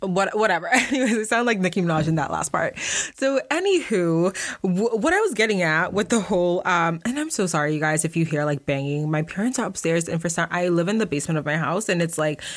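A woman's voice: on the low side, expressive, brisk. A young woman hosting a casual solo podcast from her basement at home, chatting informally without a script and wandering off on tangents. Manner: rambling, goes off on tangents. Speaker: podcast host.

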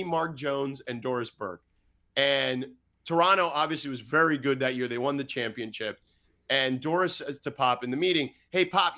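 A man from the United States, a sports reporter, telling anecdotes as a podcast guest and acting out the dialogue. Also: mid-range voice. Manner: lively anecdote-teller who acts out quoted dialogue. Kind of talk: storytelling in a podcast interview.

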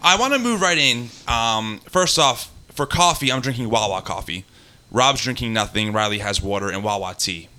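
Animated, bright-voiced man hosting a podcast. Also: medium pitch, normal speed. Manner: joking, animated storyteller. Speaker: podcast host. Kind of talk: casual chat.

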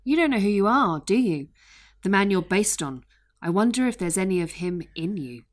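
Brief: woman reads defiant android daughter, lively pitch, plain everyday delivery. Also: moderate pace, lightly acted. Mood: resolute. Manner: reads lines in her own voice, plain delivery. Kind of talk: reading a script aloud for fun.

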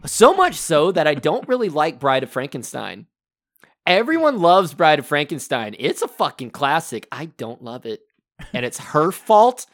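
A man in casual film chat, his voice bright and a little high, swinging up and down a lot as he talks. He sounds animated and opinionated, riffing with friends. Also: normal speed. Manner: animated, opinionated, puts on mock movie voices. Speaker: podcast co-host.

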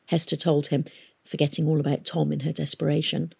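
A woman reading a storybook aloud in a steady, expressive narration. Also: low-pitched, brisk, creaky, breathy edge. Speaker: audiobook reader.

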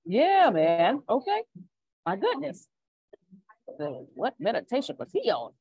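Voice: medium pitch, wildly swooping pitch, unhurried, breathy edge, dry recording, lo-fi sound. A cheerful, chatty host running an online class, who laughs often while recapping.

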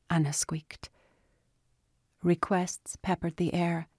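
A woman reading a novel aloud as narrator, slow and measured. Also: sits low, fairly even intonation, warm tone, no room sound, clean studio sound. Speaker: audiobook narrator. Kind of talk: scripted narration.

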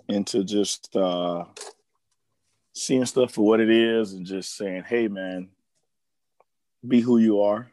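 A man's voice: lowish voice, a little mellow, dry recording. A man co-hosting a podcast in easygoing, joking casual chat. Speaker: podcast co-host.

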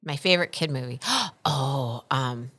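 Bright-voiced chatty woman. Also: extremely low pitch, unhurried. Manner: rambling and animated, laughs often. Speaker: podcast co-host. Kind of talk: casual chat.

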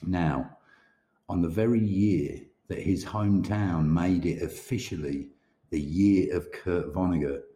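Deep dark-voiced guy rambling and cursing, laughs a lot, roomy echo. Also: a little slow. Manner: rambling, swearing, laughing often. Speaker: podcast guest author. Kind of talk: casual chat.

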